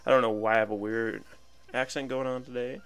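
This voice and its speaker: A man's voice: medium pitch, steady tone, brisk, a bit bright, clean tone. A young man casually commentating his own battle game, chatty and playful, thinking aloud about each move. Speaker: gaming commentator.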